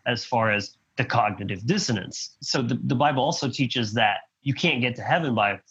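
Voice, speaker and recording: Husky man talking haltingly on a podcast. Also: medium pitch, a bit bright. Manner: halting, many restarts, blunt. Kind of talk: casual podcast conversation. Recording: dull lo-fi sound.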